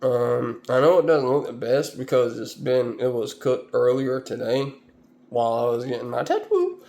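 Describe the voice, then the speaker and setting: A man's voice: medium pitch, very animated, moderate pace, gravelly, a little mellow. A man chatting casually to his viewers in a rambling, laid-back way, full of fillers. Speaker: vlogger. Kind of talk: casual chat.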